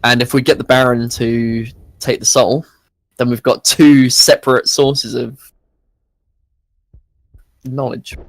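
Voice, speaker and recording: A man's voice: mid-range voice, little pitch movement, takes it slowly, long pauses, dry recording. Dry-sounding man playing a tabletop game. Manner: casual, hesitant. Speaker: player. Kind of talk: tabletop role-play.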